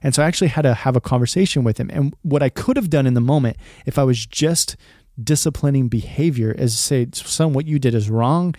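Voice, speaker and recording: A man's voice: medium pitch, fast, a little mellow, dry recording, studio quality. A man in his thirties hosting a faith podcast, talking earnestly in a conversational way, full of "like" and restarts. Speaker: podcast host. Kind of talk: casual faith podcast talk.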